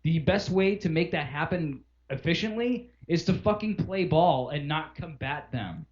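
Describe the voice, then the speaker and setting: A man's voice: a little high, animated, a little slow. Profane ranting man, lo-fi sound. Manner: profane, exasperated ranting with acted-out phone calls. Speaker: podcast co-host. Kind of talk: casual ranting chat. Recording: dull lo-fi podcast audio.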